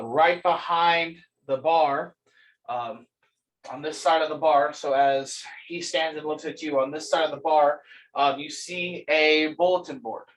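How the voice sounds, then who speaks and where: Man narrating as game master, a bit high. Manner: relaxed, halting, many ums.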